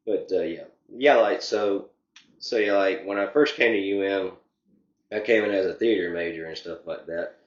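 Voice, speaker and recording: Young man, low voice, rambling filler-heavy answers; roomy, slightly muffled recording. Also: moderate pace. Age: young adult. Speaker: interview guest. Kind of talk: casual interview.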